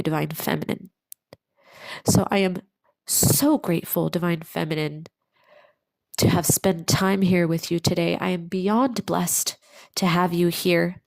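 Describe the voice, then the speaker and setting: A woman giving a channeled tarot reading to her viewers, speaking slowly and soothingly and repeating phrases for emphasis. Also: lowish voice, vocal fry, darkish tone, no echo, poor audio. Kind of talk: channeled pick-a-card reading to camera.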